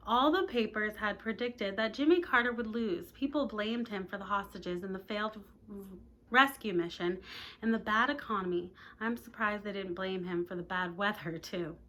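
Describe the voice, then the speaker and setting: Bright-voiced woman reading a novel aloud. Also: medium pitch, normal speed. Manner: plain reading voice, chatty asides to listeners.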